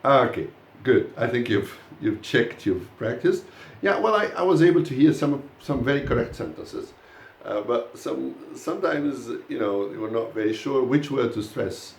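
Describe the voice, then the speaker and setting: A man teaching a live pronunciation lesson to a class, praising students warmly as they answer. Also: medium pitch, moderate pace, gravelly, roomy sound. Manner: encouraging, lively praise of students. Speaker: English teacher.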